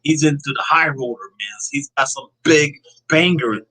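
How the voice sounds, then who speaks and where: Bright-voiced male podcast host. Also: a little high, moderate pace, husky, poor audio. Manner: upbeat, reads out viewer comments. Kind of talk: casual live-stream chat.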